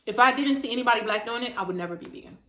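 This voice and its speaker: A woman with a Washington D.C. area accent speaks with a fairly high, bright voice, animated and emphatic as she vlogs straight to camera. Her talk is casual and full of slang. The sound carries a noticeable room echo. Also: very fast. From Maryland, USA. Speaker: vegan vlogger.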